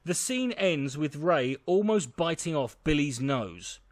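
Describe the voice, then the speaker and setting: A man's voice: a little high, animated, dry recording. Man narrating a film review. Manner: measured, uses rhetorical questions.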